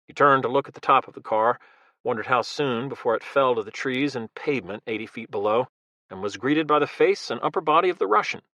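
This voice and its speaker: A male audiobook narrator tells a thriller in a measured, dramatic way. His tone is bright and pointed, and every line lands with force. The recording is dry, with no room sound. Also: medium pitch, no echo, muffled recording.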